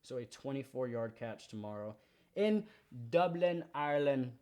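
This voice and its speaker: A man's voice: mid-range voice, lively intonation, normal speed, warm tone. A young man hosting a sports betting show, running through his picks in a slangy, hyped, confident way. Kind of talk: casual betting picks rundown.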